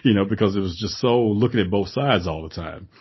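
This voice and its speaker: A laid-back man with a low, husky voice chats casually and laughs easily. He tells stories at an even, calm keel. The recording sounds dull and lo-fi. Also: fairly quick. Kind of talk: casual conversation.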